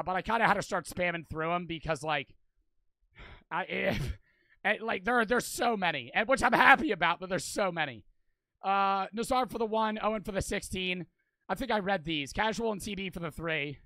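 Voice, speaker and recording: A man's voice: high voice, moderate pace, sharp tone, dry recording. A young man livestreaming for charity, casually thanking donors one after another, cursing constantly and a little out of breath.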